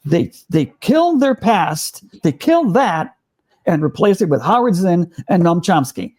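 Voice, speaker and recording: Older man ranting in a lively, mellow voice. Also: sits high, measured pace. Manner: profane, ranting, repeats words. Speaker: co-host. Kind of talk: casual reaction chat.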